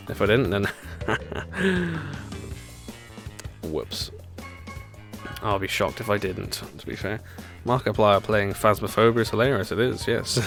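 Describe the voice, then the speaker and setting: A low-voiced man talks through his racing stream in a relaxed, rambling way, laughing at himself and answering chat. Clear game music plays underneath his voice throughout. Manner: chatty, self-deprecating, laughs often, reads chat aloud. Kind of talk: casual gameplay commentary.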